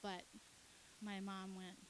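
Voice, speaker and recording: A woman pastor preaching, telling a story with lively acted-out dialogue. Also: medium pitch, slight background noise, poor audio. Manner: animated, acts out her kids and herself in quick dialogue. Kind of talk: sermon storytelling.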